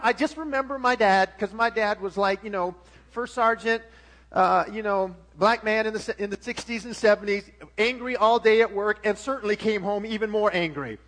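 A man's voice: high-pitched, moderate pace, fairly bright tone. A middle-aged man preaching a sermon as pastor, emphatic with frequent restarts and swelling volume.

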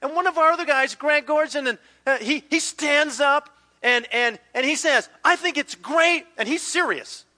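A man preaching a sermon, telling a personal story with lively acted-out quotes and dropping to hushed, intense passages. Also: extremely high pitch, moderate pace. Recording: long hall reverb.

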